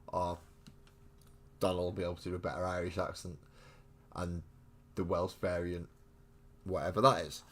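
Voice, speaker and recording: Deep-voiced, foul-mouthed English man streaming. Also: level tone, normal speed, long pauses. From England. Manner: swears constantly, blunt and mocking, rambling banter. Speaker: streamer painting miniatures. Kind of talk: casual live-stream chat with viewers. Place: home hobby room.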